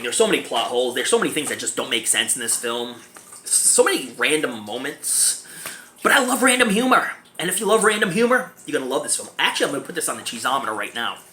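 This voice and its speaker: Giggly animated man reviewing a movie. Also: mid-range voice. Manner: giggly, animated, keeps breaking into laughter. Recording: echoey room, faint background noise.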